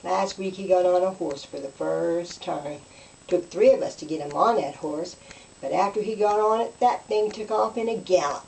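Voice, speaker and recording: Woman comic, folksy deadpan storyteller, distant faint-hissy recording. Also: lowish voice, moderate pace, gravelly. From West Virginia. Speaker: comedian. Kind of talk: deadpan hillbilly stand-up routine.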